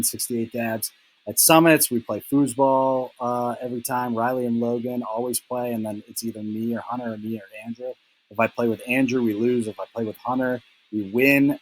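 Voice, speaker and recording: A man's voice: medium pitch, low-quality recording. A young man hosting a casual fantasy football recap, teasing his friends in a rambling way full of "like" and "um.". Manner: teasing, lots of "like" and "um" fillers.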